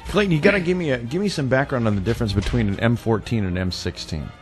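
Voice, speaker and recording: A man's voice: medium pitch, quick pace, faint music behind. A man hosting a radio interview, asking his guest probing questions. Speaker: radio host. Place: radio studio.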